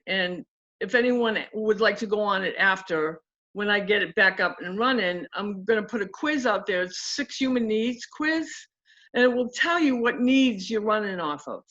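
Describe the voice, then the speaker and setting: Woman coach, higher voice, lively storyteller, slightly muffled recording. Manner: animated, acts out quotes in story. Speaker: guest coach. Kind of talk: casual interview storytelling. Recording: dull lo-fi audio.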